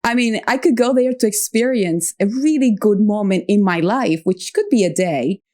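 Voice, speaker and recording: A woman's voice: medium pitch, normal speed, darkish tone. A woman hosting a podcast who talks reflectively, searches for her words and laughs easily. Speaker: podcast host. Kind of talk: reflective interview conversation.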